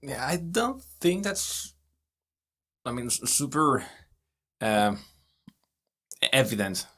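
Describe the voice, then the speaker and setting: A man's voice: medium pitch, big pitch swings, slow, pushed and bright, husky. A man with a Mexican Spanish accent, a native Spanish speaker, co-hosting a casual podcast and often restarting as he searches for words. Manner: hesitant, frequent restarts, laughs easily. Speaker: podcast co-host, English learner. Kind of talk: casual conversational lesson.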